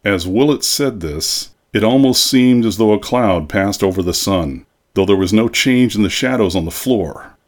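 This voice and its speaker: A man narrating a horror story for an audiobook in a measured, deliberate delivery. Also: on the low side, lively intonation.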